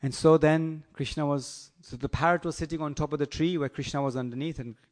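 A man giving a storytelling sermon in an animated, teasing way, often asking his listeners questions. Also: a little high, a little fast. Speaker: preacher.

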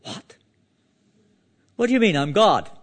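A man playing an eager, incredulous male god who keeps asking questions in a high, excited voice. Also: takes it slowly, exaggerated voice.

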